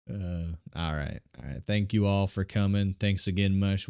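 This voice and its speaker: A man's voice: low-pitched, fairly even intonation, a little slow, warm tone, smooth, no room sound, studio quality. A male streamer chatting casually and playfully as he wraps up a live game stream. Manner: rambling, playful.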